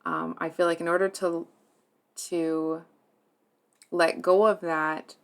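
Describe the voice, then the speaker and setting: A woman with a low, soft voice walks her viewers through a tarot reading. She speaks hesitantly, circling back and filling pauses as she searches for words. Her tone stays earnest and deeply moved. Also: level tone. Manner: soft, hesitant, many fillers and restarts. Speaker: tarot reader.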